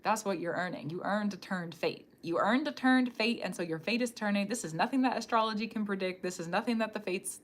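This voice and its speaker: A woman giving a live-streamed psychic reading from a room at home, talking straight to the viewer in a loose, rambling, animated way. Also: medium pitch. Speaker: tarot reader.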